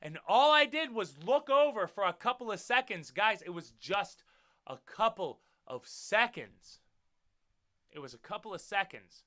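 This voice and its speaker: A man hosting his own podcast, telling a story in a casual, animated way, swearing freely and talking straight to his listeners. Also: high-pitched, a little slow. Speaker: podcast host.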